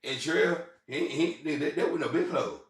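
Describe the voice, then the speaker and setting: A man telling rambling personal stories in a casual, profane way, often stumbling and restarting his sentences. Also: fairly high pitch. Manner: halting, repetitive restarts and profanity. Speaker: vlogger. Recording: roomy sound, far from the mic.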